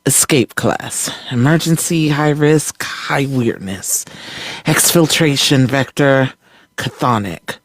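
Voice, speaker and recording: A reader voicing a tough male agent who rattles off a clipped, deadpan risk checklist in a sci-fi story reading. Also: mid-range voice, slow pace, no echo. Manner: deadpan, clipped, military-style.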